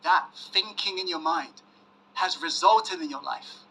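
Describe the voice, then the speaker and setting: Emphatic bright-voiced man coaching an audience. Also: on the high side, measured pace, rough recording. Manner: emphatic, asks audience to say yes, swings loud and hushed. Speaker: self-help coach. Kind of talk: motivational webinar talk.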